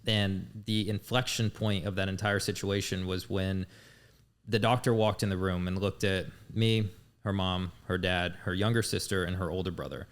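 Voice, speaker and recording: A man's voice: deep voice, flat delivery, moderate pace. A man in his thirties, a podcast guest telling his life story in a candid, blunt way, swearing freely. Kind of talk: casual storytelling.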